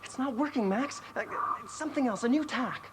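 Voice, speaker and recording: A man's voice: extremely high pitch, brisk, very noisy. A young man playing a glum, lovesick technician in a TV sitcom, talking in hesitant, stammering bursts. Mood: flustered. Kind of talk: TV sitcom acting.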